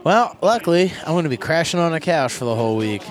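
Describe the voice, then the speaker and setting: A young man trading crude jokes in a casual chat, his pitch leaping around with lively swings. He laughs often and keeps the banter loose and irreverent. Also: quick pace.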